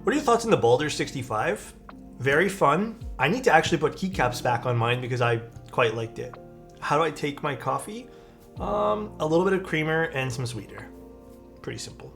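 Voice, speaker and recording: A man chatting casually on a live stream, laid-back and low-energy, thinking aloud with fillers and restarts. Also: expressive, brisk, a bit bright, soft background music.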